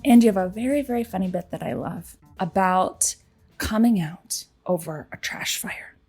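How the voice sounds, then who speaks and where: A woman hosting a podcast, chatting casually and rambling a bit with quick laughs. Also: mid-range voice, a little mellow, husky, faint music behind. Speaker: podcast host.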